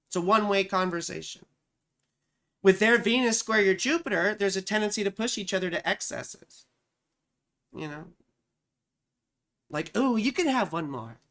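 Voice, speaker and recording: A woman's voice: mid-range voice, fairly bright tone. A woman astrologer giving a casual live-stream reading, chatty and profane, who keeps answering her chat.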